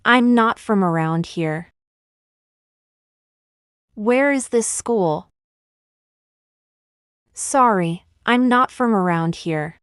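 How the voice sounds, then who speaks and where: Female English teacher, very slow and deliberate delivery, smooth voice, dry close mic. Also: mid-range voice, no echo. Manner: slow, deliberate, clearly enunciated. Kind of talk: slow scripted phrase lesson.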